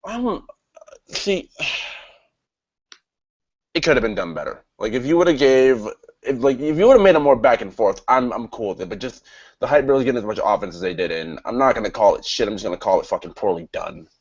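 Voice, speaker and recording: A man's voice: mid-range voice, expressive, normal speed, slightly rough, muffled recording. A man casually co-hosting a wrestling review, blunt and profane in his opinions. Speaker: podcast co-host.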